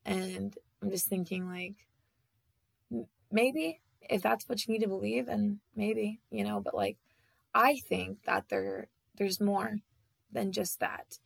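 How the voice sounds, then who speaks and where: A woman with a strongly gravelly, husky voice tells a personal story. She speaks haltingly, with many fillers and restarts, in a dry, close sound with no room echo. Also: medium pitch, lively intonation.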